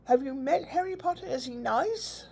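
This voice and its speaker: A woman's voice: high-pitched, expressive, normal speed, vocal fry, mellow, voice pushed up. A woman voicing an eager, curious little boy under four who asks wide-eyed questions. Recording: dull lo-fi recording.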